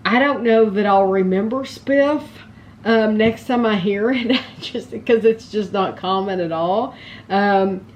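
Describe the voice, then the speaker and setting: A woman talks to her viewers in an easygoing, unhurried way. Her speech wanders, full of ums, false starts and small asides. The pitch sits right in the middle, and a faint hum of room ambience is audible behind her. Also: darkish tone. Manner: rambling and chatty, with many ums and restarts. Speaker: vlogger. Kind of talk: casual chat to camera.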